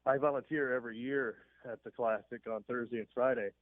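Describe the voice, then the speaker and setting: A man's voice: mid-range voice, steady tone, brisk, no room sound. Man telling a story over a tinny phone line. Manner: rambling, chuckling storyteller with many fillers. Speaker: caller. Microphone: telephone.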